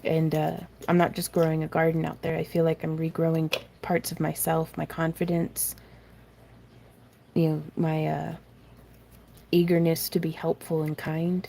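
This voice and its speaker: A deep, creaky, warm voice with a completely flat delivery moves at a moderate pace, over a little hiss or hum. It belongs to a woman hosting a live crafting tutorial stream from her craft room, who rambles self-deprecatingly, laughs often and reads viewer comments aloud.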